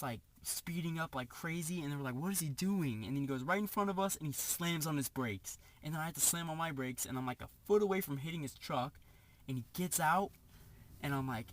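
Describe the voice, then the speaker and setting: A young man casually telling a story, animated, acting out the quotes, with lots of "like" as filler. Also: fairly high pitch.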